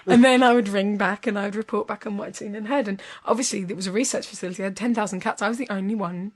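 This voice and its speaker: A woman's voice: mid-range voice, fairly even intonation, rapid-fire, close to an everyday voice. A weary, world-worn talking cat drawls through its life story in a casual, matter-of-fact way, as a woman puts it on in a joke. It sounds easygoing and a little tired, rambling on as if this were all perfectly normal. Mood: laid-back. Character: weary talking cat, ex-spy, laid-back.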